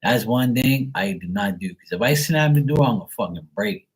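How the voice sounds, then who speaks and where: A man's voice: medium pitch, lively intonation, a little fast, slightly rough. A man chatting casually on a live stream, telling family stories in a blunt, profane, rambling way. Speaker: live stream tarot reader. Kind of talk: casual storytelling chat.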